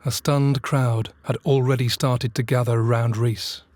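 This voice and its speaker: A man giving scripted true-crime documentary narration in a measured, grave manner. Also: medium pitch, flat delivery, darkish tone, no room sound. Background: music.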